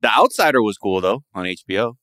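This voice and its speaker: A man with a lowish voice in a laid-back podcast conversation. He swears freely and leans on fillers. The recording is dry and close. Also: fast, dry recording. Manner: relaxed, swears often, lots of fillers. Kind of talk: casual chat.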